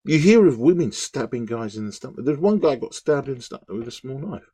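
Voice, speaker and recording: Husky guy rambling through a story, voice jumping all over, dry close recording. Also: medium pitch, fairly quick, no room sound. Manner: animated, rambling, with restarts and sound effects. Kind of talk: casual storytelling monologue.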